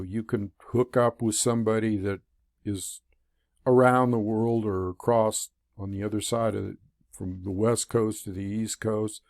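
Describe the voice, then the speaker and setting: Here a man with a low-leaning, darkish voice addresses the camera in the role of a spiritual teacher. His casual monologue rambles, full of filler words and restarts, and takes place in a room.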